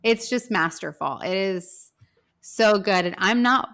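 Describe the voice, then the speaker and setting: A woman co-hosting a casual movie podcast, talking eagerly and quickly with many "like" fillers. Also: medium pitch, fairly bright tone. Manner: eager, fast, full of "like" fillers. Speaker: podcast co-host.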